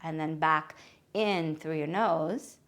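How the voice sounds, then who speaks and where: A woman yoga teacher giving calm, gentle spoken cues for breathing and movement. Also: low voice, slow. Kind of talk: guided yoga instruction.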